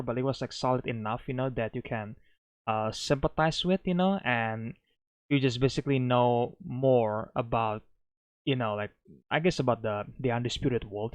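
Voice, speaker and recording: A man reviewing a film in a loose, unscripted way, rambling and filling every pause with small filler phrases. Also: mid-range voice, no echo. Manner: rambling, fills pauses with "you know" and "like". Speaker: movie reviewer.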